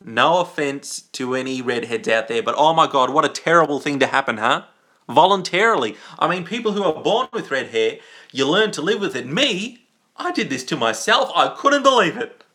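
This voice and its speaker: A man's voice: fairly high pitch, sing-song, moderate pace, sharp tone. A young Australian man hosting a casual livestream, reading viewer comments and rambling in a goofy, playful way. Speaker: livestream host.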